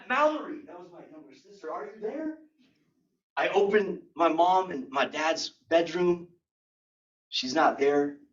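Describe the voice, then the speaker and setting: A young man giving a humorous personal story speech at a speaking club, animated and acting out the scenes. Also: fairly high pitch. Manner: animated, acts out scenes and sound effects. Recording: dull lo-fi recording.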